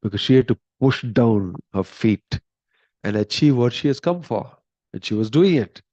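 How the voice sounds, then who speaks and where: A man, a monk and spiritual teacher, retelling a sacred story in a conversational, animated way. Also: medium pitch, moderate pace, dry recording, muffled recording. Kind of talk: storytelling sermon.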